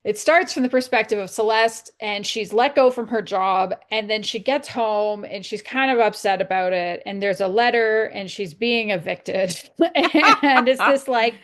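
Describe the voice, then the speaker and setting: A woman's voice: mid-range voice, unhurried, few pauses, a bit bright. A woman in her thirties, a podcast co-host from Canada, chatting casually and laughing as she retells a book's story. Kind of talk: casual chat.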